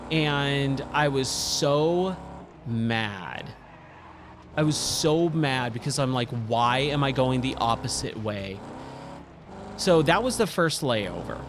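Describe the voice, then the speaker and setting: A man's voice: on the high side, noisy background. A man in his thirties, a gaming streamer, casually telling a rambling story full of fillers and self-corrections. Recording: loud racing game sounds underneath.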